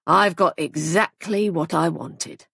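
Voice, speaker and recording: A smug young man posing as a police sergeant, talking slowly with cold menace, as a woman narrator voices him. The voice sits low and gravelly with a husky edge. The recording is close and dry. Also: very animated, dry recording, full character voice. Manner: slow, smug and coolly menacing.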